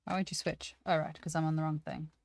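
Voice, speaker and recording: A woman's voice: low-pitched, little pitch movement, fast talker, gravelly, darkish tone, no room sound. A woman teaching 3D sculpting on a live stream, chatting casually and poking fun at herself as she works things out aloud. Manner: thinks aloud, self-deprecating, chatty.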